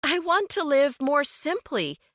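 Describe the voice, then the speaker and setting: A woman's voice: fairly high pitch, a little slow, a bit bright, no room sound, clean studio sound, pitched above the performer's own voice. A woman voicing a grieving, earnest woman who asks pointed questions and grows defiant.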